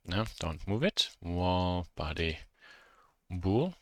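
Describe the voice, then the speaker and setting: A man with a German accent teaching a software modeling lesson, thinking aloud and correcting himself as he works. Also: sits low, animated, slow pace, dry recording, studio quality. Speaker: instructor.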